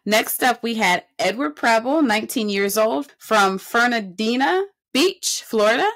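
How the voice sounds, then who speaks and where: A woman from the New York area chats on a podcast with a somewhat high, very lively voice. She is agreeable and casual, and her pitch jumps around as she talks. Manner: lively, agreeable, quick to laugh. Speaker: podcast co-host. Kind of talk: casual chat reviewing a singing show.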